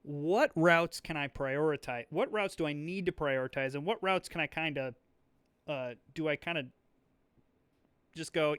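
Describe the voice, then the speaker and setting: A young man chats his way through a board game, thinking out loud with plenty of fillers and false starts. His voice sits a little high. The sound is dry and close, with no room echo. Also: very animated, unhurried, smooth. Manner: chatty, rambling, full of fillers and restarts. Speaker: board game video host. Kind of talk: casual thinking-aloud play commentary.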